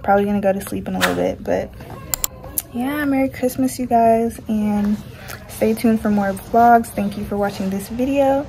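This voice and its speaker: A woman's voice: mid-range voice, normal speed, vocal fry, background noise. A young woman with a light Southern accent, talking in a chatty, slangy, rambling way as she vlogs. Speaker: vlogger. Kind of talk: casual vlog chat.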